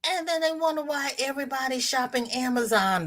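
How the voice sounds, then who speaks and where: A woman in her sixties hosting a casual crochet livestream, chatting warmly with viewers and greeting them by name as she reads the chat. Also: high voice, expressive, fairly quick. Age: 60s.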